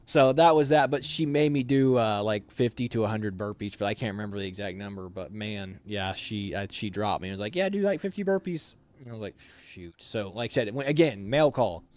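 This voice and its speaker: A man's voice: fairly low pitch, brisk, few pauses. A young man casually telling a story from his army training, acting out the voices of others as he goes. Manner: animated, acts out quoted voices. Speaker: officer candidate interviewee.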